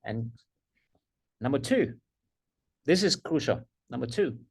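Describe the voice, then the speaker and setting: A man's voice: mid-range voice, big pitch swings, slow pace, creaky, breathy edge. A middle-aged man teaching a coaching workshop, emphatic, repeating his key phrases and laughing at himself. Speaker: coaching trainer.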